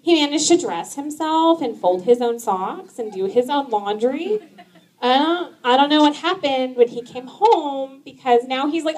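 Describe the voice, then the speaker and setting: Woman, thirties, stand-up comedy, chatty, fairly high pitch, laughs a lot, lots of likes and ums. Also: lively intonation, measured pace, darkish tone. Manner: chatty, laughs often, many likes and ums, jumps high when quoting herself.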